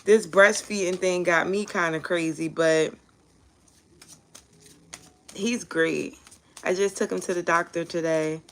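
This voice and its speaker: A young woman hosting a tarot live stream, chatting casually and telling animated stories with casual cursing. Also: fairly low pitch, slow pace, gravelly, pauses often. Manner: chatty, animated storyteller who curses casually.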